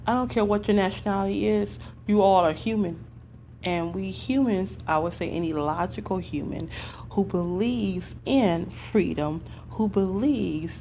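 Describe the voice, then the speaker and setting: A woman's voice: mid-range voice, slight background noise. Earnest woman talking, muffled recording. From United States. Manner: earnest, rambling, with restarts. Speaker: podcast host. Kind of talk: casual spoken commentary.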